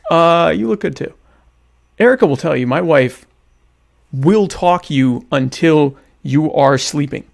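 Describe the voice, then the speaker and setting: A man hosting a casual live stream, with a twang. His voice sits a little high and has a gravelly, fry-laced edge. He jokes his way through chat comments in a mock-indignant tone. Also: unhurried. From United States. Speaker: podcast host.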